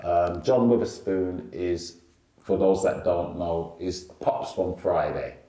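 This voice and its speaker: A middle-aged male stand-up comedian, telling animated stories in a casual interview. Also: takes it slowly, roomy sound. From England. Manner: animated, lively storyteller who jumps up in pitch for quotes.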